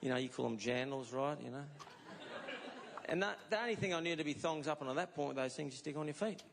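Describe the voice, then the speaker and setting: With a fairly high pitch, fast delivery, and vocal fry, a middle-aged Australian man works through a stand-up routine. He tells stories and slips into animated impressions of the people in them, all recorded live amid crowd noise and audience laughter.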